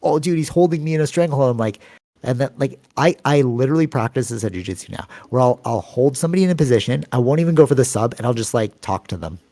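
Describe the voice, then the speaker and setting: A man's voice: lively intonation, quick pace, mellow, no room sound. A man with a Canadian accent, co-hosting a podcast, telling long rambling stories full of fillers and acting out other people's voices. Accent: Canadian English. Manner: long-winded, rambling storytelling with many fillers; acts out quoted voices with sudden pitch jumps. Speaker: podcast co-host. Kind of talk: casual podcast chat.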